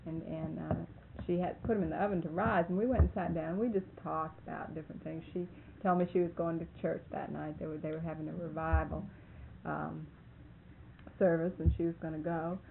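Woman, low gravelly voice, folksy rambling storyteller, tinny phone line with faint hiss. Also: steady tone, fairly quick. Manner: folksy, rambling, laughs often. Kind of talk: casual storytelling.

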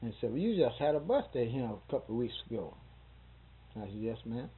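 A man's voice: mid-range voice, sing-song, brisk, slightly rough. A man, telling a long, rambling story about a doctor's visit with chuckles and quoted dialogue. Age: 60s. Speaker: interviewee. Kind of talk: casual storytelling. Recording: tinny phone-like recording.

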